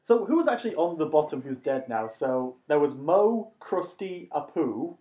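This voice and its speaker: A man's voice: a little high, sing-song, moderate pace. A man co-hosting a casual podcast, speaking in a dry, matter-of-fact, critical way as he reviews a cartoon episode. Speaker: podcast co-host. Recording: muffled recording in a roomy space.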